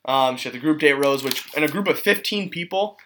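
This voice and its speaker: Wry, bright-voiced podcast co-host man. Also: a little high, a little fast, a little hiss or hum. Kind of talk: casual chat.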